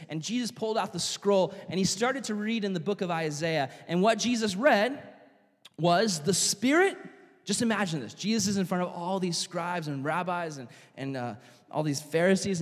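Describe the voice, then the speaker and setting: A young man gives a youth sermon, telling stories and acting out the people in them with lively voices. His voice sits fairly high for a man. The sound rings with the long reverb of a church hall. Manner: animated storytelling, acting out quoted voices. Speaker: youth pastor.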